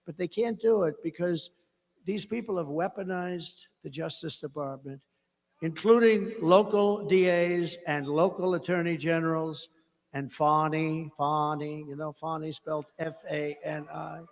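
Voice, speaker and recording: A man's voice: a little high, steady tone, unhurried. A man giving a rambling, off-the-cuff rally speech as a political candidate, emphatic and mocking, repeating his phrases. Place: large rally venue. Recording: long-reverb rally PA sound.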